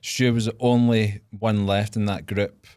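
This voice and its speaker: A man's voice: on the low side, flat delivery, measured pace, a little mellow, clean tone, no room sound, clean studio sound. A man co-hosting a casual podcast, laughing often as he lays out long fan theories. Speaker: podcast co-host. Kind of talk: casual chat.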